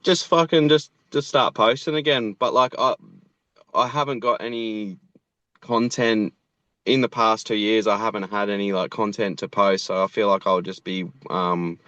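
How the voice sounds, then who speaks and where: Laid-back, low-voiced Australian man. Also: steady tone, normal speed, a bit bright, no room sound. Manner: laid-back, swears a lot, rambling. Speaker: animator and show creator, guest. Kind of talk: casual interview chat.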